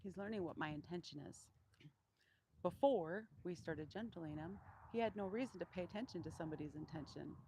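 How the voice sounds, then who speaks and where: A woman training a wild donkey in an outdoor pen, speaking calmly and keeping her voice deliberately monotone as she explains each step. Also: slight background noise, poor audio. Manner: calm, low-key, deliberately monotone. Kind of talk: live training demonstration.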